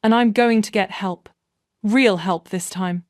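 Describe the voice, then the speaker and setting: A woman narrator voicing an ashamed young wife in an audio story, apologizing in a tearful, halting manner. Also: medium pitch, no echo, clean studio sound, close to an everyday voice. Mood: contrite.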